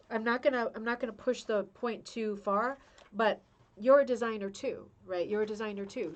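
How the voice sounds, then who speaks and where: Woman, craft club host, casual and chatty, heartfelt, many restarts, medium pitch. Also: a little mellow. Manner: chatty, emotional, restarts often. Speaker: rug hooking club host. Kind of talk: casual video talk sharing a book.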